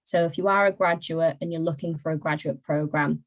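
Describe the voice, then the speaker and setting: A woman's voice: low-pitched, steady tone, fairly quick, rough recording. A young woman presents as a recruitment marketer in a bubbly, self-mocking, casual style.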